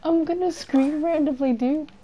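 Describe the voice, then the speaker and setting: A woman's voice: high voice, steady tone, moderate pace, warm tone, a little hiss or hum. A young woman chatting casually with friends while playing a game, playful and giggly, breaking into silly sing-song bits. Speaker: gamer streaming with friends.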